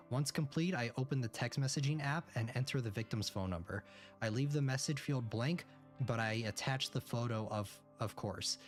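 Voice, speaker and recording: A man streaming a game, reading its first-person narration aloud and breaking off for quick reactions. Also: mid-range voice. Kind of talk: reading a visual novel aloud with comments.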